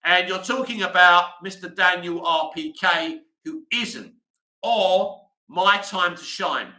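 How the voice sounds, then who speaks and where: A man's voice: high-pitched, slow pace, bright, forceful tone, echoey room, low-quality recording. A man hosting a casual livestream, rambling chattily with lots of "you know" fillers as he answers viewer comments. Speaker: livestream host.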